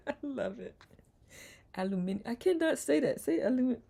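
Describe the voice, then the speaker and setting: A woman's voice: sits high, big pitch swings, measured pace, vocal fry, dark tone, slightly rough. A woman hosting a live online circle, reading comments aloud in a playful manner and laughing often. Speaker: host of online community circle. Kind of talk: casual live-stream chat reading comments.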